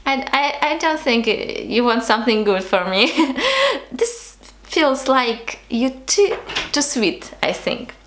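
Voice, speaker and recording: Slow-talking young Russian woman vlogger. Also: sits high, big pitch swings, a bit bright, roomy sound, a little hiss or hum. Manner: hesitant, lots of fillers and restarts, frequent laughs. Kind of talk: casual talk to camera.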